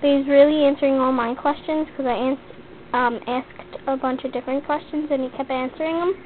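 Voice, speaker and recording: Teen girl vlogger, high voice, rambling and chatty, tinny phone-like audio with a faint hiss. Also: steady tone, brisk. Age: teens. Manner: chatty, rambling, heavy use of "like". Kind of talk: casual rambling story.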